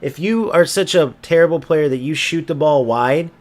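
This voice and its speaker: A man's voice: fairly high pitch, moderate pace. A man streaming a football video game, ranting and mocking opponents while he swears freely. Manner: brash, mocking, insults opponents and swears often. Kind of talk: gameplay commentary rant.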